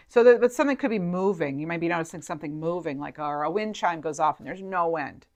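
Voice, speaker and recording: A woman with a low voice reads tarot cards for her viewers in a loose, chatty way. She thinks aloud, circles back with fillers, and lets her feelings show. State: near tears at moments. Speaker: tarot reader. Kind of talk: intuitive tarot reading to camera.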